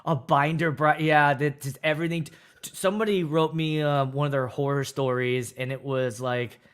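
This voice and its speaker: A man's voice: a little high, steady tone, normal speed, clear, resonant tone. A man hosting a casual chat show, chiming in with questions and comments. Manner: conversational, chimes in with questions. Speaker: show host.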